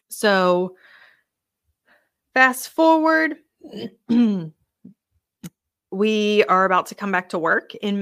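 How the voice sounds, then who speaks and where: A woman's voice: medium pitch, creaky, fairly bright tone, no room sound, clean studio sound. A young woman hosting a podcast, sharing a personal faith testimony in an earnest, conversational way. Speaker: podcast host.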